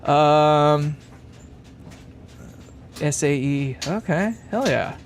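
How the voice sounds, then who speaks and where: A man's voice: fairly high pitch, lively intonation, drawn-out words, slight background noise. A man hosting a live stream from a workshop bench, thinking aloud and chuckling as he reads comments. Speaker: live-stream host building a guitar amp. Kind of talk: casual live-stream chat, reading comments.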